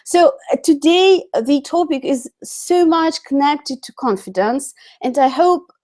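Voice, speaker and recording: Russian-accented woman, slightly high-pitched, hosting a live English lesson, loose, filler-heavy delivery. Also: lively intonation, measured pace, darkish tone. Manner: chatty, many fillers and self-corrections. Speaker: English communication teacher. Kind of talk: live-streamed online lesson.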